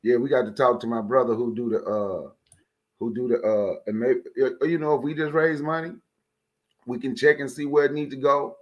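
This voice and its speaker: A man's voice: mid-range voice, fairly even intonation, moderate pace, lo-fi sound. Blunt man co-hosting a talk show. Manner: blunt and emphatic, rising when heated. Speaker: co-host. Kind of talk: casual radio talk.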